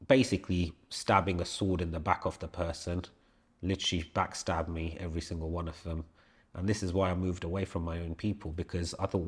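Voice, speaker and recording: Deep-voiced blunt man. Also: darkish tone. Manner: blunt, swears freely, emphatic repetition. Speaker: podcast co-host. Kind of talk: casual storytelling chat.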